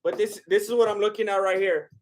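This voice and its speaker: A man with a voice that sits high, steady in tone and quick in pace, does live-stream reaction commentary from a laptop setup. He reads chat aloud and talks directly to his viewers, restarting often.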